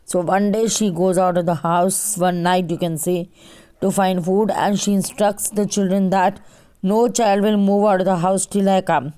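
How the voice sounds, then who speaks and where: A woman's voice: mid-range voice, fairly even intonation, normal speed, warm tone, clean tone. A woman teacher, giving a class to young children, careful and patient, spelling words out letter by letter. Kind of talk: recorded online class for children.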